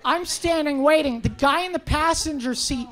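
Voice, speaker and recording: High-voiced brash comic. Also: male voice, normal speed, sharp tone. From Canada. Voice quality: high-pitched voice. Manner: brash, profane, self-mocking, banters with the crowd. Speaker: stand-up comedian. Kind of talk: stand-up comedy set. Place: comedy club stage. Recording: live club set with crowd noise. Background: audience laughter.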